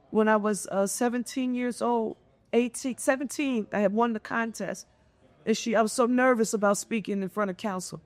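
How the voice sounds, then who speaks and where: A middle-aged woman from Philadelphia, a mayor speaking as a panel guest, telling stories in an animated, expressive way with lively intonation. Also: a little high, no echo. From Philadelphia, United States. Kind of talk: conversational panel discussion.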